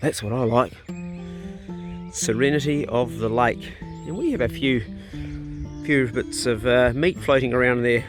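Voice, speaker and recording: A man's voice: medium pitch, unhurried, pauses often, music in the background. A middle-aged man chatting casually outdoors on a farm, talking to his dogs and laughing at himself. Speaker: farm vlogger. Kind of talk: casual vlog chat.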